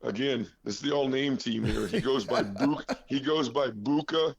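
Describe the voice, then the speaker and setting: A man's voice: medium pitch, normal speed, creaky, breathy edge. A man who is a head basketball coach from Iowa, out of breath and rambling in a casual interview, full of fillers and self-deprecating humor.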